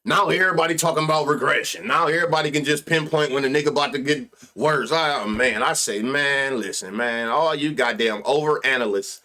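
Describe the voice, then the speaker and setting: A man's voice: medium pitch, fairly quick, hardly any pauses, sharp tone. A man hosting a live sports-betting stream, chatting casually with lots of slang and profanity, laughing often and muttering stats under his breath. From United States. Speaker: sports betting show host.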